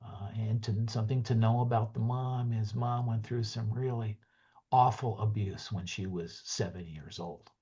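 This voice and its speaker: A man presenting a webinar, closing with an earnest, gentle story and dropping into soft hushed passages. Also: lowish voice, fairly even intonation, moderate pace, breathy edge, dull audio. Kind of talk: heartfelt closing talk with a story.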